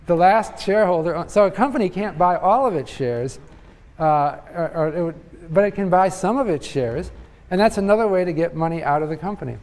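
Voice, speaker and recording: A man's voice: on the high side, normal speed, a little mellow. An older man giving a university lecture in a conversational way, thinking aloud with frequent fillers and restarts. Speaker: economics professor. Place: large lecture hall. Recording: lecture hall with long reverb.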